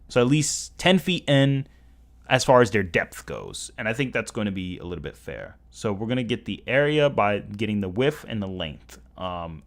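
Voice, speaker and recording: A man streaming live, talking casually as he works through calculations, often correcting himself, with keyboard typing heard behind him. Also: medium pitch. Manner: rambling, self-correcting, working through math aloud. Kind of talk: casual livestream commentary.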